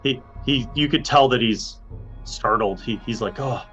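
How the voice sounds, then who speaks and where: A man narrating as game master of a tabletop game, unhurried and with many fillers. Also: mid-range voice, a bit bright, faint music behind, rough recording.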